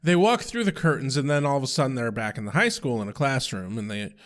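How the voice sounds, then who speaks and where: Brief: male co-host, expressive swooping delivery, casually profane. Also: mid-range voice, quick pace. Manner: loose and profane, recaps scenes. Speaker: podcast co-host. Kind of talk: casual chat.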